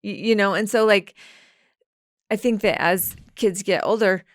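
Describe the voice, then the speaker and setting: A woman's voice: mid-range voice, steady tone, a little slow, no room sound, studio quality. A woman co-hosting a parenting podcast, speaking thoughtfully and hesitantly, often restarting her sentences. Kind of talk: casual podcast chat.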